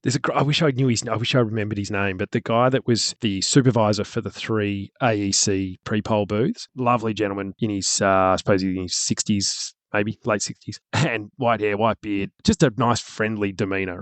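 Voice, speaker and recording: Fast-talking Australian man, rambling anecdotes. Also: fairly low pitch, dry recording. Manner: rambling storyteller with many restarts. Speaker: former by-election candidate. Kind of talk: casual anecdotal chat.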